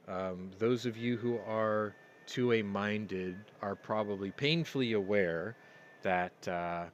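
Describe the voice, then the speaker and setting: Casting note: lowish male host, rambling chatty storyteller, faint noise behind. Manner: rambling storyteller, gets loud and excited. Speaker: podcast host. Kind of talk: casual live-stream chat. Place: home room. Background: yard work outside.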